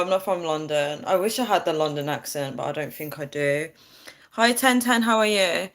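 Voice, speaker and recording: A woman from the UK chatting casually on a livestream. She talks through her phone, answers viewer comments and laughs often. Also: fairly low pitch. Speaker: livestream host. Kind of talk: casual live chat with viewers.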